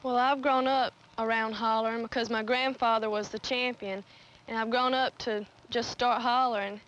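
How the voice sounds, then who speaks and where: A woman's voice: a little high, steady tone, moderate pace. A young woman, plainly explaining things step by step in a documentary interview. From North Carolina. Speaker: hollering contestant. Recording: dull old film sound with hiss.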